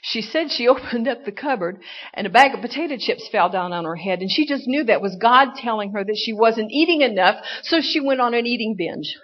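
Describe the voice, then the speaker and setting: Woman, sermon, lively, dull lo-fi sound. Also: fairly high pitch, fairly quick. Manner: lively, acts out excuses in playful voices. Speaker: preacher.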